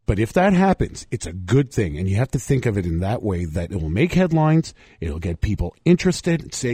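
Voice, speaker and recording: A hoarse man from Montreal, losing his voice, passionately ranting as co-host of a casual sports chat. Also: on the low side, sing-song, fairly quick, few pauses, warm tone, no room sound, studio quality. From Montreal, Canada. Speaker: podcast co-host.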